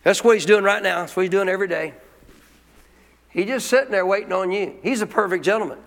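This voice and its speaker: A man's voice: sits high, fast, a bit bright, in a large hall. A male pastor preaching a sermon in a conversational way, often asking the congregation questions.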